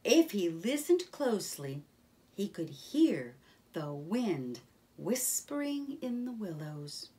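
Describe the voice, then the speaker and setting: Woman narrator for a children's book: expressive, slow and measured storytelling. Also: mid-range voice. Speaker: storybook reader. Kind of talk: reading a children's book aloud.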